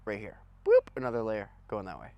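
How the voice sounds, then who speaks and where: A man's voice: lowish voice, wildly swooping pitch, a little fast, dark tone, lo-fi sound. A young man vlogging outdoors on rural land in a laid-back, slangy way while he builds, talking into a handheld camera. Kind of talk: casual vlog narration. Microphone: handheld camera mic.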